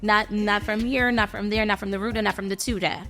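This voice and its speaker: A woman co-hosting a podcast in casual chat, agreeing and chiming in with quick affirmations. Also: medium pitch, fairly even intonation, pushed and bright, faint music behind. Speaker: podcast co-host.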